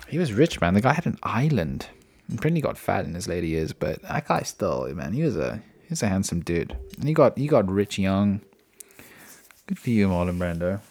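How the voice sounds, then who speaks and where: A man's voice: sits low, big pitch swings, normal speed, a little mellow. A man hosting a casual solo podcast, rambling chattily from topic to topic with frequent fillers and restarts, recorded indoors at home. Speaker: podcast host.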